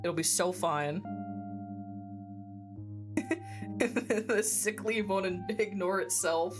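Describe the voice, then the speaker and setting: A woman's voice: mid-range voice, very slow. A woman streamer chatting casually while playing a game, giggling often and swearing freely, her throat phlegmy and congested. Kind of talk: casual chat while gaming. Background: game music.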